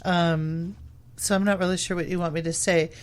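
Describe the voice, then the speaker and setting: A woman's voice: fairly low pitch, fairly even intonation, normal speed, clear, resonant tone. Guest spot: woman, casual and hesitant, filler-heavy. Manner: hesitant, many ums and uhs. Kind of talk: casual chat.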